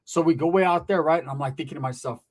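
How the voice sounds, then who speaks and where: Comic storyteller, man in his forties from California, rapid and raunchy, acts out every character. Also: on the high side. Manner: profane, animated, acts out voices. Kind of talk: comedic storytelling.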